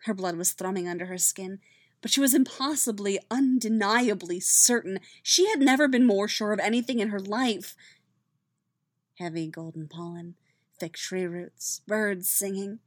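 A woman reading fan fiction aloud as a podfic, with soft, steady storytelling. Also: medium pitch, normal speed, no room sound, studio quality. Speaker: podfic reader.

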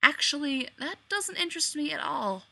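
A woman's voice: sits high, very animated, normal speed, creaky, sharp tone, no room sound, pitched above the performer's own voice, heavily acted. Woman reading as a flustered, snappish male colonel. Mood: exasperated. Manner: snappish, exasperated, voice rising in protest.

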